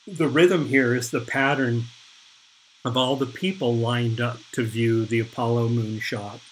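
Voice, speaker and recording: A middle-aged man giving an art lecture, explaining slowly and pointing things out on images. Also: medium pitch, slight background noise, rough recording. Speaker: art instructor. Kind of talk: recorded lecture over slides.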